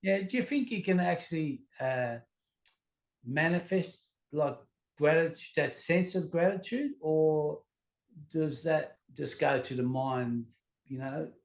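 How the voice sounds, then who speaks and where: A man's voice: fairly high pitch, takes it slowly, echoey room, rough recording. A man hosting a casual interview over a video call, reflective and full of affirming yeahs. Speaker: host.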